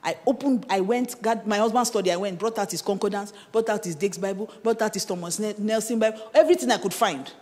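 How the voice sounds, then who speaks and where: A Nigerian woman pastor preaching a sermon and telling her own story, animated, slipping into pidgin and rising to shouts. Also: mid-range voice, quick pace, few pauses, in a large hall. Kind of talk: sermon with personal testimony.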